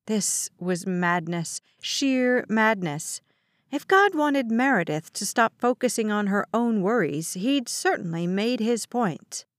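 A woman giving measured, expressive scripted narration of a thriller audiobook. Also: mid-range voice, no echo, studio quality.

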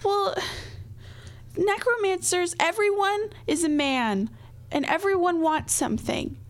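A woman with a high voice plays her character at a tabletop game. She needles and mocks the others around the table. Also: unhurried. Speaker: player. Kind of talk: in-character tabletop role-play.

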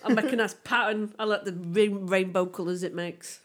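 Brief: female podcast co-host, playful giggly banter, mid pitch. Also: steady tone, normal speed. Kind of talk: casual chat.

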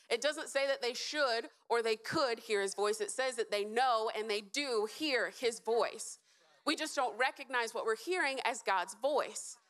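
A woman's voice: a little high, a bit bright. Earnest woman giving a short sermon. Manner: earnest, encouraging, asks the audience questions. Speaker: speaker at a church event. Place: in front of a live audience.

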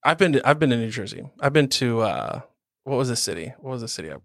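A man's voice: mid-range voice, big pitch swings, a bit bright, dry recording, studio quality. A man co-hosting a casual podcast, rambling through answers and laughing at himself. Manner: rambling, self-deprecating, quick to laugh. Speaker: podcast co-host answering quiz questions.

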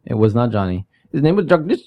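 A man's voice: mid-range voice, big pitch swings, quick pace, warm tone. A man chatting casually and telling a story from his working past. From California. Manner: storytelling, puts on voices when quoting people. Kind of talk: casual chat.

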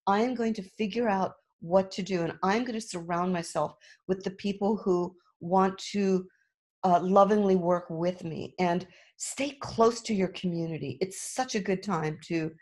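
Middle-aged woman on a podcast, emotional and earnest, talks in quick bursts. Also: mid-range voice, darkish tone. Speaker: restaurant owner guest. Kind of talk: podcast interview.

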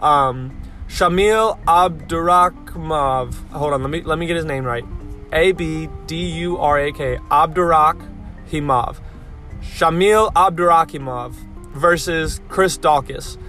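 A man's voice: a little high, unhurried, fairly bright tone, faint music behind. A young man giving a casual, profane rant about fight results, blunt and rambling with lots of fillers, stopping to spell out hard names letter by letter. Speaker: fight-sport vlogger.

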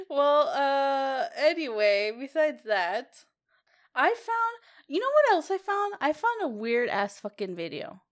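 A woman's voice: sits high, sing-song, slow pace, pauses often. A woman co-hosting a podcast in casual chat, rambling and giggling, swearing freely. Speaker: podcast co-host.

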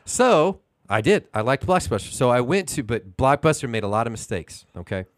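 A man's voice: mid-range voice, sing-song, moderate pace. A man in his thirties co-hosting a casual podcast, telling a long, indignant story full of rhetorical questions. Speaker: podcast co-host.

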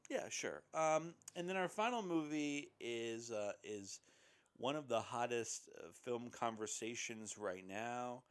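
A man's voice: medium pitch, expressive, measured pace, clear, resonant tone. A man co-hosting a podcast, chatting casually about movies and hesitating often with ums and uhs. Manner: rambling, hesitant with many ums. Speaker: podcast co-host. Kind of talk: casual film discussion.

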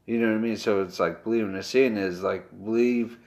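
Low-voiced man musing casually. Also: steady tone, fairly quick, darkish tone. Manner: reflective, loosely phrased musing. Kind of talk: casual chat.

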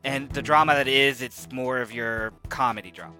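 A man's voice: medium pitch, normal speed, sharp tone, soft background music. A man answering questions about his work as a cast member, hesitant and searching for words. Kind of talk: casual interview answer.

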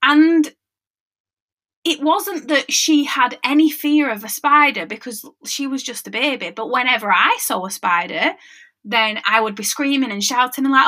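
Woman, podcast host, chatty, often checks in with listeners, fairly high voice, bright tone. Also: normal speed. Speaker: mindset coach and podcast host. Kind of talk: casual solo podcast talk.

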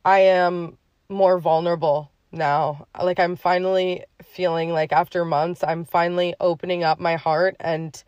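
Podcast host, personal monologue, heartfelt, emotional, lots of fillers, slow pace, dry sound. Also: mid-range voice, level tone, a little mellow, dry recording, lo-fi sound.

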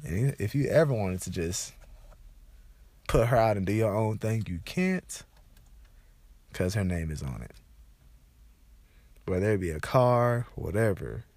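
At normal speed but with long pauses, a young man with a fairly low, stuffed-up voice delivers a casual rant full of loose, profane, animated storytelling. The recording is dry.

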